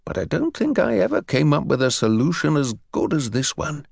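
A man's voice: mid-range voice, big pitch swings, normal speed, vocal fry, dry recording, studio quality. A man voicing an older, pompous male headmaster with a haughty, condescending drawl.

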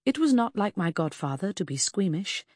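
A woman narrating a novel in the first person, in a measured reading that slows on grim details. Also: medium pitch, very animated, darkish tone, no echo, clean studio sound. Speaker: audiobook narrator.

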